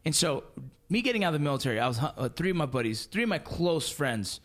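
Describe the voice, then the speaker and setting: Animated, foul-mouthed man, slightly high voice. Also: quick pace. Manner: animated, profane, slangy storytelling. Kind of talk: casual chat.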